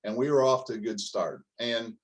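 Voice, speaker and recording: A man's voice: medium pitch, normal speed, low-quality recording. An older man, a business coach, telling a story in a folksy, humorous way during a motivational talk.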